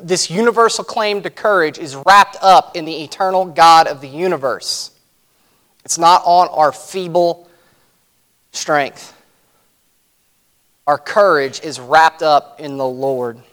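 Higher-voiced preacher with a lilt. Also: male voice, fairly bright tone. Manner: conversational preaching with repetitions and asides. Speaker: pastor. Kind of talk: sermon.

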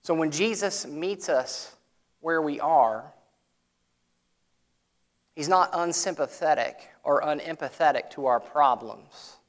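A male pastor, preaching a sermon in a conversational way that swings from loud emphatic lines to soft, low asides. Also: slow pace, pauses often.

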